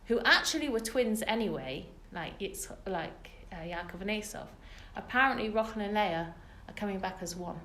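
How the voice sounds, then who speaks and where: A British woman leads a women's Torah class, telling the story in an earnest, emphatic way. Her voice sits at a middle pitch. The room around her is echoey. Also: animated, normal speed, hardly any pauses, pushed and bright, a little hiss or hum. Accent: British English. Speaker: religious teacher. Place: room with a live group of women.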